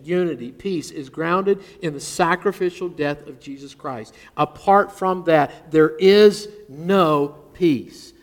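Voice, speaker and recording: High-voiced emphatic preacher in a reverberant sanctuary. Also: male voice. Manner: emphatic, dropping to near-whispers on key words. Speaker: pastor. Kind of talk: sermon.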